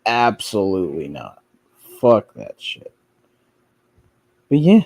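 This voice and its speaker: A man rambles through casual commentary, swearing freely and restarting his sentences over and over. His voice is mellow and dark. The recording is close and dry. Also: lowish voice, very animated, slow pace, dry recording. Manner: profane, rambling, with frequent restarts and fillers; mocks others by quoting them in a whiny voice. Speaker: streamer commenting on online drama.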